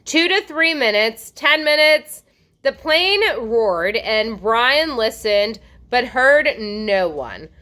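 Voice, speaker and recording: A woman teacher reading a novel aloud to her class, with expressive storytelling. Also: on the high side, takes it slowly.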